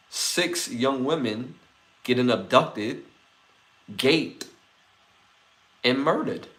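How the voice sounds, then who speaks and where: A man's voice: medium pitch, a bit bright. A man in his forties hosting a podcast, talking through his thoughts in a casual, reflective monologue full of "like" and "right?". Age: 40s. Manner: reflective, conversational, talks things through with "like" and "right?". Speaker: podcast host. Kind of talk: casual solo podcast talk.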